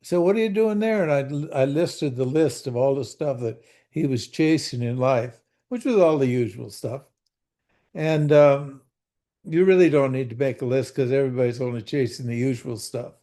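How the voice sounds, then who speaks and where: A man's voice: mid-range voice, moderate pace, dark tone. An older man teaching scripture over a video call in a folksy, conversational way, often asking his listeners questions and repeating words as he goes. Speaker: spiritual teacher.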